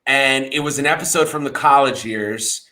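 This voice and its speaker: A man guesting on a comedy podcast, telling stories in a lively, casual way and swearing freely. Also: mid-range voice, normal speed.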